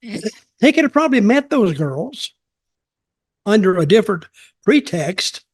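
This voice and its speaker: A man's voice: high-pitched, very animated, a little slow, no echo, studio quality. An older man hosting a podcast, telling a casual story in a rambling, blunt and profane way.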